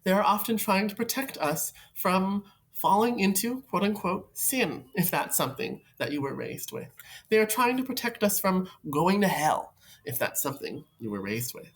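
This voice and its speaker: A woman's voice: mid-range voice, very animated, moderate pace. A woman hosting an advice video, talking reflectively and playfully to camera and laughing often. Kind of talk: casual advice talk to camera.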